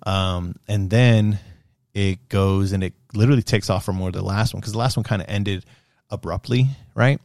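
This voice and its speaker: A young man casually reviewing a movie, rambling and animated, with fillers and swearing. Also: lowish voice, moderate pace, no echo, clean studio sound.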